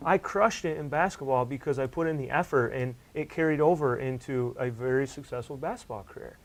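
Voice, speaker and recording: A young man co-hosting a podcast, talking in a casual, animated and emphatic way, with lots of "like" and "dude". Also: fairly high pitch. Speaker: podcast co-host.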